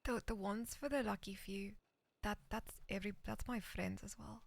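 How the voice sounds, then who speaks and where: With no echo around her, a female roleplay streamer plays a character in western roleplay chat, reading messages aloud with hesitation and often whispering. She speaks at a moderate pace in a steady, mid-range voice with vocal fry.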